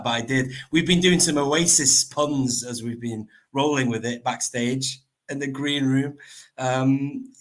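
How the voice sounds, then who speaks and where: A man hosting a livestream, chatty and rambling, quick to break into a laugh. His voice sits at an ordinary middle pitch, picked up by a laptop microphone rather than a proper mic. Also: a bit bright. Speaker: livestream host. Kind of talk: casual livestream chat.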